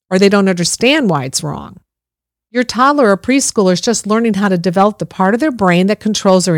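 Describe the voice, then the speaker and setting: A woman's voice: medium pitch, no room sound, clean studio sound. A middle-aged woman gives parenting advice in an earnest, reassuring way, speaking straight to the listener. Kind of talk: instructive parenting talk.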